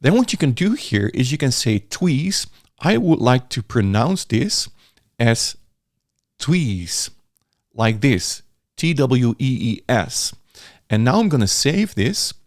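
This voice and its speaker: A man talks through a software tutorial in a relaxed, chatty way and sometimes restarts his words. His pitch sits in the middle. He is recorded dry at a desk mic. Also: unhurried, dry recording. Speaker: software reviewer. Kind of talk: casual screen-recorded tutorial.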